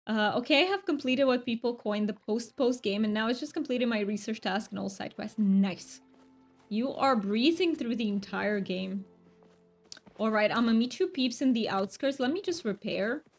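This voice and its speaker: A chatty woman streaming a game, her voice a touch higher than most. She rambles along with plenty of fillers and quick self-corrections. Soft game music plays quietly behind her. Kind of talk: casual gaming stream chat.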